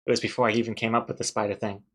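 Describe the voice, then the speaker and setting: A man streaming live as he works on a comic, talking casually with viewers and second-guessing his choices out loud. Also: fairly low pitch, little pitch movement, racing, husky. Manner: thinks aloud, second-guesses himself, chatty with viewers. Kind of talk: casual live-stream commentary while drawing.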